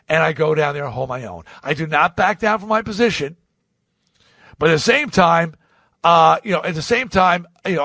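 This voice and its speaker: A man's voice: fairly high pitch, fairly bright tone, no echo, clean studio sound. A man hosting a podcast, telling a long story in a blunt, profane way and acting out both sides of past conversations. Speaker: podcast host. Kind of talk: storytelling monologue.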